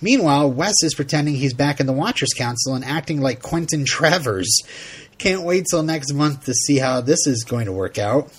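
A man's voice: medium pitch, lively intonation, normal speed, slight background noise. A man hosting a casual podcast chat, laughing often and reading out listener feedback. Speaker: podcast host.

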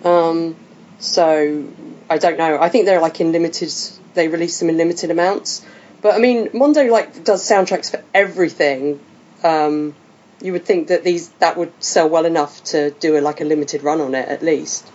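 British female podcast host, low register, rambling fillers, muffled recording. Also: normal speed, a little mellow. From Britain. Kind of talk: casual chat.

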